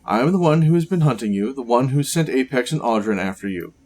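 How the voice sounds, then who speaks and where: A man voicing a gaunt, sickly male scientist villain, reading game dialogue aloud in a grave, measured way. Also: mid-range voice, animated, a little mellow.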